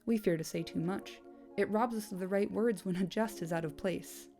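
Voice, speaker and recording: A woman's voice: medium pitch, normal speed, mellow, soft background music, natural voice. A woman reading the part of a thoughtful young male hobbit, earnest and reflective.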